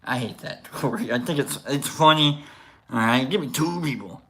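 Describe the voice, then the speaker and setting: Bright, joking live-stream host man. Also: medium pitch, expressive, moderate pace, poor audio. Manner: jokey, rambling, laughs a lot. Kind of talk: casual live-stream chat.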